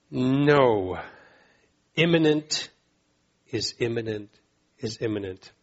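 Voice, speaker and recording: Man, preaching, emphatic, repeats himself, slightly high husky voice, dull lo-fi recording. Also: lively intonation, moderate pace, fairly bright tone. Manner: emphatic, repeats phrases, rises in pitch to exhort. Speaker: pastor. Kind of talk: sermon.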